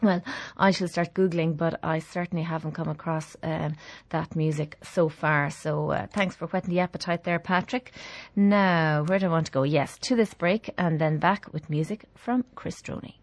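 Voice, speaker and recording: A man's voice: fairly high pitch, steady tone, moderate pace, dry recording. A man presenting a radio show, chatty and hesitant as he reads out a listener's email.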